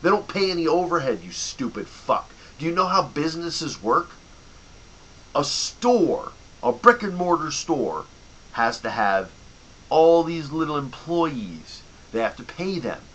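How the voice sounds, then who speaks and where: A young man vents into his camera, heated and sarcastic, cursing freely as he mocks people. His voice is pushed and forceful, with a faint hiss behind it, and he sounds worked up after a few drinks. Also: medium pitch, rough recording. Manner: heated, sarcastic, swearing freely, mocking customers. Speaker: vlogger and bookstore clerk. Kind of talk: angry profane rant to camera.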